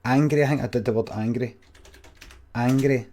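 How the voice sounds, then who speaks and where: A Scottish man in his forties chats loosely to his stream viewers. He swears freely, rambles and cuts himself off mid-thought, in an ordinary middle-pitched voice. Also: steady tone, normal speed, a little mellow. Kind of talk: casual storytelling to viewers.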